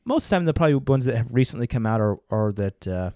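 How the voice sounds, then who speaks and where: Earnest podcast guy, kinda mellow, starts and restarts a lot, dead dry sound. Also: medium pitch, animated, no echo. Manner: earnest, halting with fillers and restarts. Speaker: podcast co-host. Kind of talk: casual chat.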